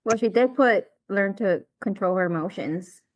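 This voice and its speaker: A woman's voice: medium pitch, normal speed, darkish tone, dry recording, highs cut off. A woman podcast co-host in casual chat, telling stories and acting out the dialogue, swearing casually.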